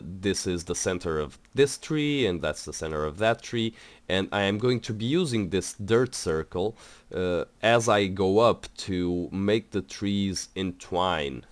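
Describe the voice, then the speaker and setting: A young adult man hosts a building game video, giving casual gameplay commentary in a rambling, hesitant way full of fillers and restarts. His voice is low, he takes it slowly, and there's no echo.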